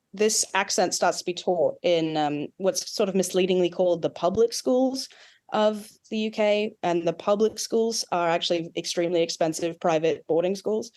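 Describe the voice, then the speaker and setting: A woman's voice: medium pitch, a little slow, darkish tone. A woman with an Australian accent, a dialect coach, explaining at length with asides and examples in an interview. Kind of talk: expert interview.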